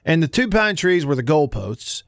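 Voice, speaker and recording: A man's voice: a little high, sing-song, moderate pace, no room sound, clean studio sound. A man in his forties from Alabama with a Southern accent, hosting a sports radio show and telling stories in a chatty way, laughing often. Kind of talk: casual sports radio talk.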